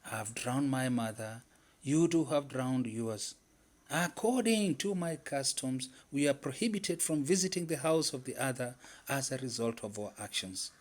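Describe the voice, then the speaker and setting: A man voicing a scheming, excitable male squirrel trickster in a told folktale, shrill and emphatic. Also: measured pace. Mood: smug.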